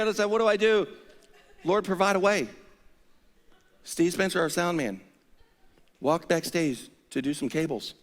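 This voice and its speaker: A man preaching a sermon as pastor, telling a story with lively, animated delivery that climbs to high-pitched exasperation. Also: a little fast, long pauses. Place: church sanctuary. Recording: church hall with long reverb.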